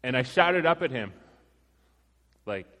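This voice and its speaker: A male preacher tells his story like a chat with friends, relaxed and self-deprecating, before he turns to the text. His voice sits in a middle pitch. A long reverb from a large church hall trails behind every line. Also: moderate pace. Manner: conversational, self-deprecating, with laughs. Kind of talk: sermon with personal story.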